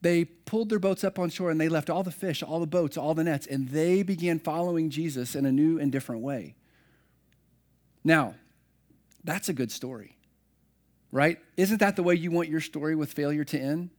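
A man's voice: a little high, moderate pace, darkish tone. A middle-aged man preaching a sermon, telling personal stories in a conversational, self-deprecating way. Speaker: pastor.

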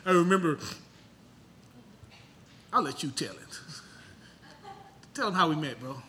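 A man preaching a sermon as pastor, asking rhetorical questions and breaking into loud high bursts. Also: animated, a little slow, slight background noise.

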